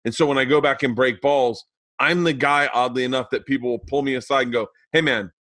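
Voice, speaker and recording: A man's voice: mid-range voice, steady tone, quick pace, fairly bright tone. A man co-hosting a podcast, talking candidly in a rambling way and swearing casually. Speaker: podcast co-host. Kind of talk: casual chat.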